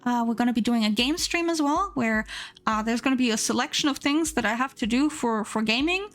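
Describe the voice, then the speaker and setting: Chatty woman streamer, slightly high. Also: fairly quick, fairly bright tone. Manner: chatty, rambling with many fillers. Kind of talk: casual chat while drawing.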